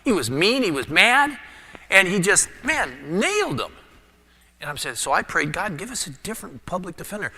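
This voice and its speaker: Animated male pastor in a reverberant sanctuary. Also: high voice, moderate pace, breathy edge. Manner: animated storyteller, drops to a hushed voice for prayer. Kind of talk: sermon storytelling. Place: church sanctuary. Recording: long church reverb.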